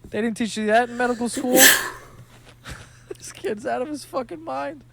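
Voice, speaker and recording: This gaming streamer, a young man from New York City, tells profane, laughing stories while he plays, in casual, animated chat. His very high-pitched voice is creaky, at a normal speed, and the recording is very noisy.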